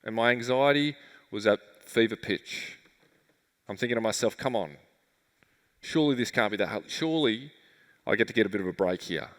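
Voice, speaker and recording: A man's voice: on the low side, expressive, moderate pace, pauses often. An Australian man telling a vivid, emotional personal story as a keynote speaker at a conference. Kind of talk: storytelling talk on stage. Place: large conference hall. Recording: reverberant conference hall.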